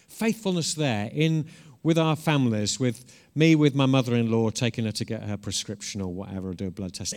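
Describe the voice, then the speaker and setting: A man's voice: medium pitch, animated, normal speed. A man preaching a conversational sermon. He is informal and earnest, restarts often, and swells into emphatic bursts.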